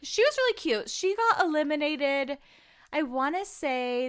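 Exasperated young woman cohost, slightly high. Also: lively intonation, moderate pace, clear, resonant tone. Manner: blunt, profane, exasperated. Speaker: podcast co-host. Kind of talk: casual chat.

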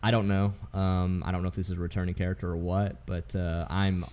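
A man's voice: deep voice, flat delivery, a little fast, darkish tone. A man hosting a casual gaming podcast, rambling with lots of ums and restarts. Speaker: podcast host.

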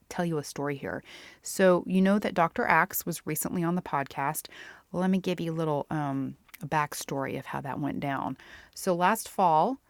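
A woman's voice: fairly low pitch, no room sound. A woman hosting her own podcast, talking casually and directly to the listener as her friend. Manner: chatty, warm-hearted, addresses listener as "my friend". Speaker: podcast host. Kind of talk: casual solo podcast monologue.

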